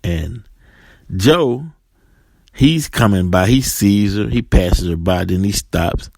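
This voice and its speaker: A man's voice: low voice, expressive, slow pace, vocal fry, darkish tone, no echo. A man hosting a talk radio show, rambling through his points and often tagging them with "right?". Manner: rambling, keeps asking "right?".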